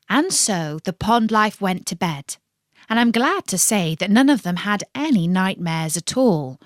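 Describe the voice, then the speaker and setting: A woman reads a children's bedtime story in a slow, unhurried way. Her pitch rises and falls with lively expression, and the sound is dry and close. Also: no echo. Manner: warm, playful, expressive reading.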